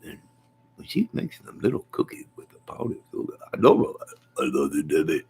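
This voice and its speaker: A man's voice: a bass voice, huge pitch swings, a little fast, darkish tone, slightly rough. A man hosting a casual live stream from home, rambling about his day, reading out viewer comments and laughing often.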